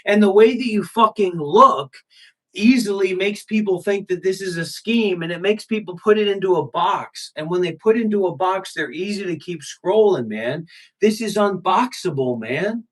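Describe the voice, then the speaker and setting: A man's voice: sits high, moderate pace, poor audio. A man hosting a livestream, ranting profanely and talking back to his chat. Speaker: livestream host. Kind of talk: casual livestream rant.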